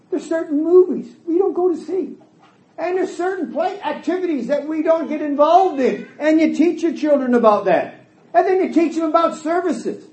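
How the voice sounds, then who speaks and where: A man's voice: very high-pitched, darkish tone. A middle-aged man preaching a sermon in a church hall, emphatic and folksy, voicing quoted dialogue as he goes. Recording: echoey hall.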